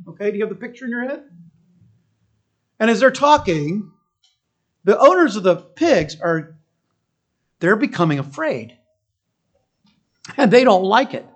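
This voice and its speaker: A pastor preaching a sermon. The pastor tells the story in an animated way, often checking in with listeners and restarting phrases while thinking aloud. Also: medium pitch, breathy edge. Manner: animated storytelling, keeps asking listeners "right?".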